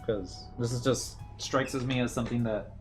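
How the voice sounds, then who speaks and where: A man's voice: medium pitch, steady tone, moderate pace. Rambling man streaming a game. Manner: rambling, reminiscing, self-mocking. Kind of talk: casual gameplay commentary. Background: game music.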